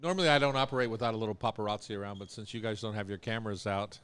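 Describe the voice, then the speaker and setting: A man's voice: lowish voice, rapid-fire, a bit bright, slight background noise. A man hosting a live radio show in a studio, chatting casually and rambling with fillers. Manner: rambling, easygoing, with many fillers.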